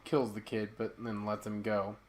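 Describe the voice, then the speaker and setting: A man's voice: lowish voice, level tone, normal speed. A man co-hosting a podcast, recapping a film in casual chat and finishing his co-host's sentences. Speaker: podcast co-host.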